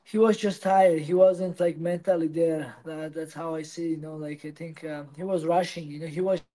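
Interviewee, man, English speaker, halting delivery, high and mellow. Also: fairly even intonation, rough recording. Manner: halting, non-native English with many restarts. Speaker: interviewee, professional fighter. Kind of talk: casual interview answers.

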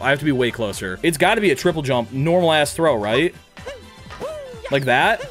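A young man giving loud, jokey gameplay commentary, yelping and shouting at his mistakes and talking to his chat. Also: mid-range voice, a little fast, over music. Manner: loud, excitable, frequent yelps and shouts; jokey, crude, talks to chat. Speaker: gaming YouTuber.

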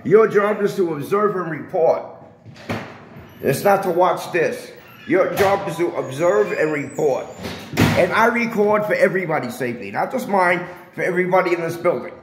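Indoors in the shared area of a residential building, a man argues with security while recording on a handheld phone, hammering home the same points in a combative lecture. His high voice has lively intonation at a moderate pace, captured with reverb and background noise.

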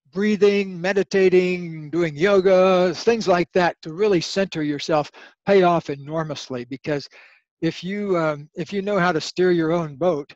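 A man's voice: a little high, no echo, dull audio. An older man, a guest author, telling stories in a podcast interview and acting out the voices in his anecdotes. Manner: animated storyteller, acts out voices in anecdotes.

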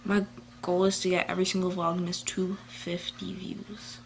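A woman vlogging at home into a handheld phone, rambling loosely with plenty of fillers and false starts. Her voice has a gravelly, fry-laden edge. A faint hiss sits under the recording. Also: fairly low pitch, flat delivery, moderate pace. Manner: meandering, full of fillers and restarts. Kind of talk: casual rambling vlog. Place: at home, indoors. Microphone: handheld phone camera.

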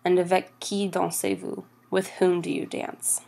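A woman teaching French grammar over slides, patient and steady, slowing down for each example phrase. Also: on the low side, vocal fry.

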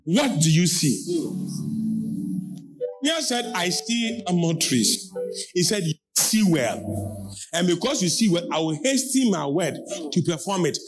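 High-pitched, animated Ghanaian preacher. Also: male voice, unhurried, long pauses, over music. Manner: shouting and calling for audience answers. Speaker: pastor. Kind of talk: preaching sermon.

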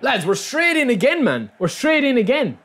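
An excitable Irish gaming YouTuber live-streams himself opening card packs, speaking at normal speed in a fairly high voice that swings widely in pitch. He talks directly to his viewers, keeps calling them lads, and repeats his lines over and over.

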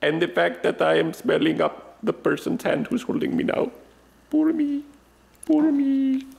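A melodramatic lobster voiced by a man mourns in a deliberately awful fake French accent. The voice sits higher than a normal man's, and he stretches his words out slowly and self-pityingly. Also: very animated, gravelly, darkish tone, heavily acted. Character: doomed cooked male lobster with a bad French accent.

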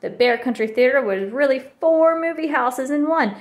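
A woman reading a children's picture book aloud in an expressive, animated way. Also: high voice, moderate pace. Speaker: storybook reader.

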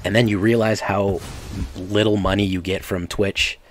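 A man's voice: fairly low pitch, little pitch movement, moderate pace. A man streaming a card game, chatting casually and rambling with lots of fillers and laughs. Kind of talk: casual chat while playing a card game. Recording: faint background noise.

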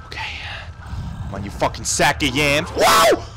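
A man's voice: medium pitch, animated, moderate pace, background noise. A young man commentating a video game, frantic and profane, swearing and yelping as he plays. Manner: frantic, swearing, yelps and shouts. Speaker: gameplay commentator. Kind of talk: profane let's-play commentary.

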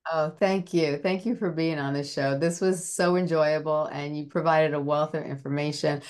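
Speaking in a deep, clear, resonant voice with a darkish tone, this female podcast host keeps her intonation fairly even and her speed normal. Her casual interview talk is earnest and admiring, meandering along with plenty of "you know."

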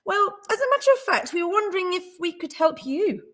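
A teacher voicing a nervous, fussy middle-aged husband in a picture book, hesitant and hasty. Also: female voice, very high-pitched, very animated, fairly quick, fairly bright tone, pitched above the performer's own voice, exaggerated voice. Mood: flustered.

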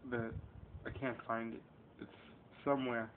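Facing the camera, a man in his thirties rambles and curses through an informal rant that alternates between combative and emotional. He has a mid-range voice with a level tone at normal speed, and the lo-fi webcam recording sounds tinny, with a bit of noise.

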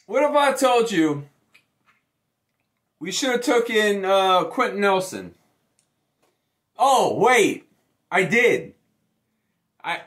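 High-pitched gloating man ranting. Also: fairly bright tone. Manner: mocking, gloating, swearing heavily. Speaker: sports YouTuber. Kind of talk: profane ranting sports vlog.

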